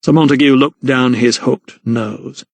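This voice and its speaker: A man's voice: mid-range voice, measured pace, a little mellow, dry recording. Man reading a historical audiobook. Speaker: audiobook narrator. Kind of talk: scripted narration.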